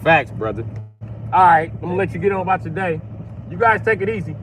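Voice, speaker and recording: A man rants bluntly and crudely while he sits in a car. His voice sits fairly high. Steady vehicle noise runs underneath. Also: fast talker. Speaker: vlogger. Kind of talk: profane ranting monologue.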